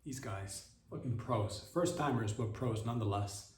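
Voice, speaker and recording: A man hosting a podcast, riffing through a deadpan comedic monologue that mimics a mock sales pitch. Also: moderate pace, a little hiss or hum. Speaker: podcast host. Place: podcast studio. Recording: roomy echo, voice far from the mic.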